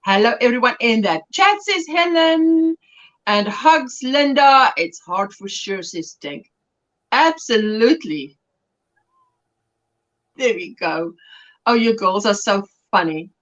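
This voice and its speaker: A woman's voice: a little high, expressive, slow pace, long pauses, a bit bright. A South African woman hosting a crochet livestream, chatting casually and laughing often as she reads viewer comments aloud. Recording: lo-fi livestream audio.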